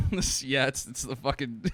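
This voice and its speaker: A man's voice: mid-range voice, big pitch swings, slow. A man hosting a podcast, casually retelling a movie plot with lots of swearing and laughter. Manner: profane, laughing storyteller. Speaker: podcast host.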